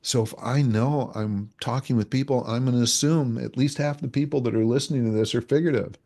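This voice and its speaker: Expert male interview guest, mid-pitched voice, conversational, illustrates points by voicing quotes, keeps checking in with "right?". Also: fairly quick, gravelly, darkish tone. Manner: explains with examples, acts out quoted voices, frequent "right?". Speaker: relationship energetics expert guest. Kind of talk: explanatory conversational interview talk.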